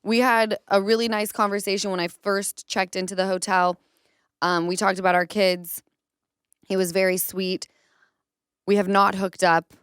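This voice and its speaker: A woman in her thirties hosting a podcast, chatting casually and telling stories with lively acted-out quotes. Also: mid-range voice, normal speed, clean tone, no room sound, studio quality. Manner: animated storytelling with acted quotes. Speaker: podcast host. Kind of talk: casual chat.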